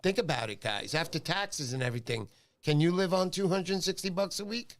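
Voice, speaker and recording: A man hosts a casual fishing livestream with a slightly high, gravelly voice. He rambles through stories, acting out the other people's lines as he goes. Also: a little fast. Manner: storytelling, acts out quoted voices, rambling. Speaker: livestream host. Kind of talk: casual chat.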